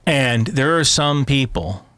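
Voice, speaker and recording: A man talking as an intelligence analyst guest in casual podcast chat, animated, laughing often and restarting his sentences. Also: mid-range voice, slow pace, dry recording.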